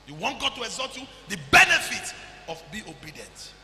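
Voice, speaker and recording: A man with a Nigerian accent preaching a fervent sermon, breaking into shouts and slipping into pidgin. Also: high voice, huge pitch swings, fairly quick, slight background noise. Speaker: pastor. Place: church. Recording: echoey church hall.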